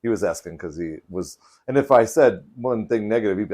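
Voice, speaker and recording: A man co-hosting a podcast, talking in a measured, earnest way in casual chat. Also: fairly low pitch, animated, a little mellow. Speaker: podcast co-host.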